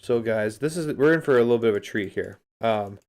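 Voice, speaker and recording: A man's voice: mid-range voice, lively intonation, a little fast, a little mellow. A man casually talking through a game replay on a livestream, chatting straight to his viewers and answering their messages in an upbeat, encouraging way. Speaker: streamer and game coach.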